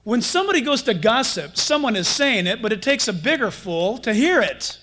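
A man preaching a sermon as pastor, animated, acting out the voices of the people he quotes. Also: very high voice, moderate pace.

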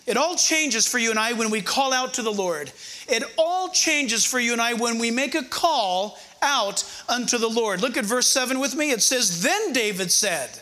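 Older man, pastor, sermon, very high voice, bright and sharp tone, chatty and joking. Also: animated. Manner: conversational, humorous, reads verses slowly with emphasis.

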